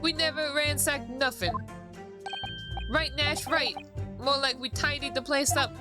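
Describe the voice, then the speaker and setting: A woman's voice: high-pitched, fairly even intonation, unhurried, pitched above the performer's own voice. A woman voicing a shifty young male London street thug in a game, with a put-on Cockney accent and a cheeky, wheedling, slangy manner. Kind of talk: video game voice acting on a stream. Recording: background music.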